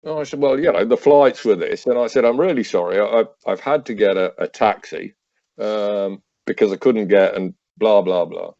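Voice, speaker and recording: Man, 50s, podcast guest and ex-soldier; low voice, halting, wry storyteller who acts out conversations; dry, dull-sounding mic. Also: dark tone, no echo. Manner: acts out remembered dialogue, wry, with hesitant fillers and restarts. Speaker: podcast guest, army veteran. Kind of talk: casual anecdotal storytelling.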